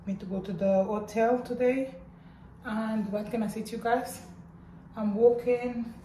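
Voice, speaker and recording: A middle-aged woman vlogging casually in while in pain after surgery, talking in a strained, halting way with groans. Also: a little high, fairly even intonation, dark tone, far from the mic, a little hiss or hum. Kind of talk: casual vlog. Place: hospital room. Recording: echoey room, voice off-mic at times.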